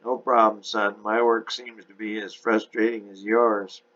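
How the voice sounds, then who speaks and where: A man voicing a friendly older gentleman with a Texas drawl, in a dull lo-fi recording. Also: on the low side, little pitch movement, a little slow. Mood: genial. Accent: Texan. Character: short older Texan gentleman in a suit, smooth and friendly.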